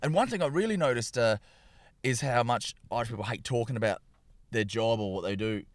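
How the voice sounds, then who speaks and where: A man's voice: mid-range voice, no echo. A man, a comedian chatting casually and acting out little voices as he tells stories. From Australia. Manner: quick, rambling, acts out voices in his stories. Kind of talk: casual podcast chat.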